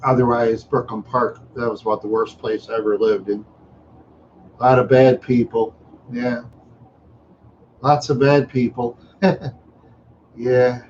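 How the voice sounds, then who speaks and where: A middle-aged man from Minneapolis tells meandering childhood stories, chuckling often and throwing in sound effects. His pitch sits in the middle for a man. The recording is dull and lo-fi, with a faint hiss behind it. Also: level tone, unhurried, long pauses, a little mellow. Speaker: live streamer. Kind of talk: rambling storytelling.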